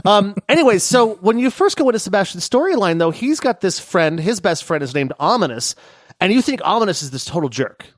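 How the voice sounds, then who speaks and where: A man's voice: high voice, brisk, dry recording, clean studio sound. Chatty man co-hosting a gaming podcast. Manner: chatty and animated, laughs easily. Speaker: podcast co-host. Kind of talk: casual chat.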